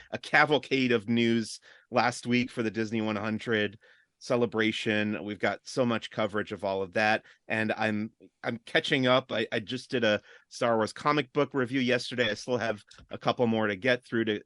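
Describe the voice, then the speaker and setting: A man chatting casually as a podcast guest, easygoing and quick to laugh. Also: on the low side, fairly bright tone, no room sound, studio quality. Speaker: podcast guest, entertainment reporter. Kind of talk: casual chat.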